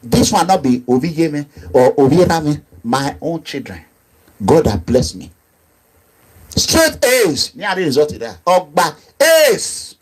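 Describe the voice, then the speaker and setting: Husky, high-voiced Nigerian man. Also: sing-song, measured pace. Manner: emphatic, repetitive, swings between low asides and raised outbursts. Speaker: activist movement leader. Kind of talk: impassioned monologue.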